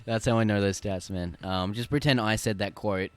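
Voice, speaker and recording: A man with a low voice, co-hosting a casual film podcast. He jokes and swears and loses his place when he tries to quote lines. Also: steady tone, normal speed. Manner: joking, swearing, fumbles quotes. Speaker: podcast co-host. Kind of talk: casual film review chat.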